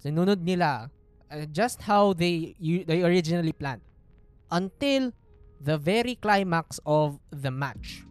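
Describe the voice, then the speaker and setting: Lively Filipino woman podcast storyteller. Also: fairly low pitch, a little slow, no echo. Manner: animated, code-switching storyteller. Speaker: podcast host.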